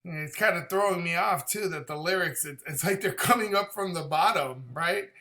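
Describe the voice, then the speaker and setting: Guy in his 30s doing a reaction vlog, kinda high bright voice, chatty and animated. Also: a little fast. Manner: animated, talkative, breaks into impressions. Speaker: music reaction channel host. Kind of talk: casual reaction vlog chat.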